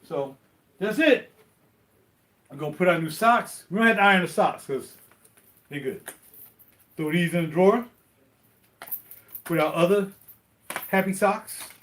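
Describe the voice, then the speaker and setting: A man's voice: sits high, expressive, a little slow, long pauses, a bit bright. Chatty middle-aged man. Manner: rambling, talks straight to viewers while ironing. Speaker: vlogger. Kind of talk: casual live-stream chat.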